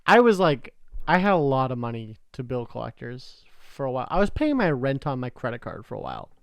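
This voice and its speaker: Smooth-voiced young man telling stories. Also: mid-range voice, a little fast, dry recording. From Canada. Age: young adult. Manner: animated storyteller, swears freely. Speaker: podcast host. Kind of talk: casual podcast chat.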